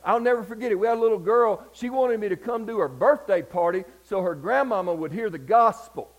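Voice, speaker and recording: A man from Georgia with a Southern accent, preaching a sermon and telling stories, often calling out for an amen and moving between loud passages and hushed ones. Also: sits high, animated, a little fast, low-quality recording. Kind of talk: sermon with storytelling.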